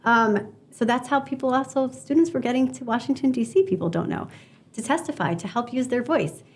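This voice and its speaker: A woman guest on an interview show, talking earnestly and animatedly, with quick asides. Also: fairly high pitch. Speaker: guest, media strategist. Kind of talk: conversational interview storytelling.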